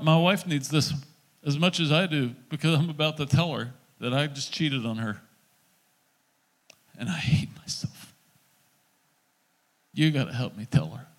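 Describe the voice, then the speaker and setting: A middle-aged man preaching, his voice sitting a little above the usual male pitch. He tells the story as a sermon and acts out each quoted line with lively swings in his delivery. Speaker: pastor.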